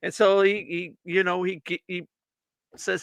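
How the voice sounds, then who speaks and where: A man's voice: high-pitched, level tone, a little slow, creaky, clear, resonant tone, no room sound. A man co-hosting a casual beer podcast, joking and acting out mock quotes. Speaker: podcast co-host.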